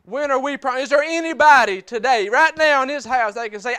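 A man's voice: very high-pitched, a little fast, few pauses, pushed and bright, clear, resonant tone. A man preaching a sermon in church, mixing personal testimony with scripture in plainspoken, folksy speech that repeats phrases for emphasis. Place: church service.

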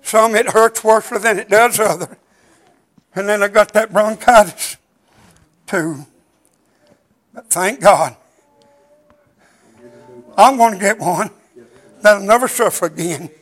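An older man preaching a chanted sermon in a rhythmic, drawn-out cadence, out of breath and wheezy. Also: high-pitched, fairly bright tone, poor audio.

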